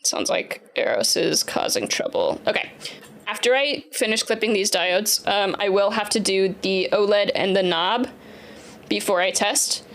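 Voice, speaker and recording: A woman in her thirties chatting casually on a live stream as she works, often turning to coo at her dogs in a higher, sing-song voice. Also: expressive, a little slow. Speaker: livestreamer building a keyboard.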